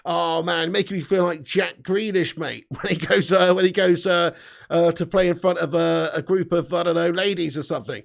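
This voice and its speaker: Gravelly-voiced man, jokey stream host. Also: sits high, steady tone, moderate pace. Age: 30s. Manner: laughing, jokey, loud shout-outs. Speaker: host of a live football fan show. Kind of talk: casual live-stream banter.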